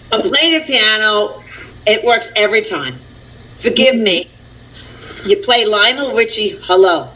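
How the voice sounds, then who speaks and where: A woman's voice: medium pitch, takes it slowly, long pauses, sharp tone, a little hiss or hum, low-quality recording. A woman who plays piano, chatting as a guest, laughing and humming tunes as she tells her stories. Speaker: guest musician. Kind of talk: casual chat.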